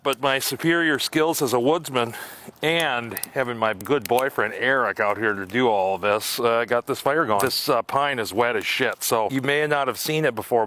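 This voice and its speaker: A man's voice: medium pitch, a bit bright. Man, casual outdoor vlog, joking, self-mocking, woods, faint background noise. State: out of breath at times. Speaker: outdoor vlogger.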